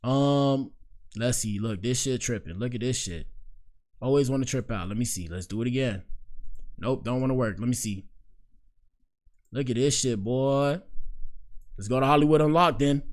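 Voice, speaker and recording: A young man hosting a casual live-stream show, talking in loose slang and reacting aloud to clips and his screen. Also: medium pitch. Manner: slangy, animated, talks back to the screen. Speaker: show host.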